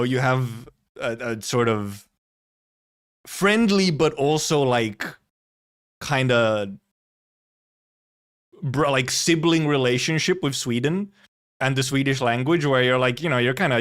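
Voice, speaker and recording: A man streaming casually, his mid-pitched voice rambling through thoughts with frequent laughs and restarts. He swears freely and talks off the cuff. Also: animated, a little slow, fairly bright tone. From Finland. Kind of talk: casual livestream commentary.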